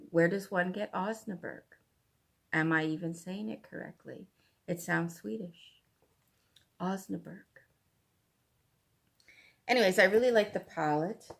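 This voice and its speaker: A woman's voice: lowish voice, gravelly. A Canadian woman hosting a cross-stitch vlog, chatting casually in a rambling way with lots of asides. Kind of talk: casual chat.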